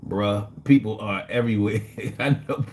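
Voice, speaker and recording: A man's voice: fairly low pitch, moderate pace, background noise. A man hosting a casual live stream, reading chat and joking in a loose, slangy way with frequent laughs.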